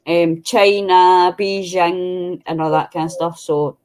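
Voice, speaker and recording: A woman's voice: on the low side, steady tone, slow pace, a little mellow, a little hiss or hum, poor audio. A Scottish woman hosting a craft stream, chatting in a rambling, self-deprecating way. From Scotland. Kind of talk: casual chat while crafting. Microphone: video call setup.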